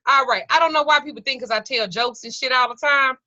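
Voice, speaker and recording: A woman with a drawl spins blunt, foul-mouthed stories for her online class. Her voice sits a little high and cuts through sharp and bright. The sound is dull and lo-fi, like a video call. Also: fast, no echo. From Southern United States. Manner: blunt, profane, theatrical storyteller. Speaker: occult class teacher. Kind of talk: profane storytelling in an online class.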